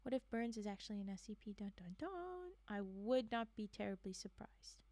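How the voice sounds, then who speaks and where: A woman's voice: medium pitch, fairly even intonation, brisk, dark tone, no echo. A young adult woman streamer casually reading a horror story aloud, breaking in with sarcastic, swearing asides.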